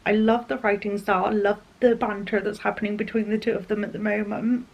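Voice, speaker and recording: Young woman, book vlogger, husky breathy tone, soft-spoken chat, drifts into whispers, recorded at home. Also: mid-range voice, level tone, fairly quick, hardly any pauses, dull audio. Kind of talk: casual chat and reading aloud. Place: room at home.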